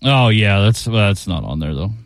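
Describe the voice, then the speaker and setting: A man's voice: on the low side, animated, normal speed, no echo, clean studio sound. A man co-hosting a talk show, reacting in an easygoing, agreeable way. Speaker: radio co-host. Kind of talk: casual talk show banter.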